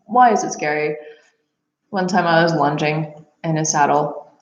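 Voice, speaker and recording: Young woman rambling about her old days, kinda low voice, lots of laughing and "like", echoey muffled recording. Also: normal speed, slight background noise. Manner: animated, laughs often, many fillers. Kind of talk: casual storytelling. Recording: echoey room, dull lo-fi sound.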